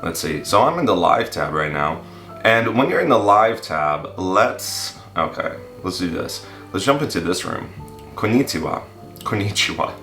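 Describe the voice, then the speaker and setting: A man's voice: deep voice, very animated, measured pace, pushed and bright, roomy sound, faint music behind. A man hosting a language-learning vlog, chatting casually with many fillers and restarts. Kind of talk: casual chat in an app voice room.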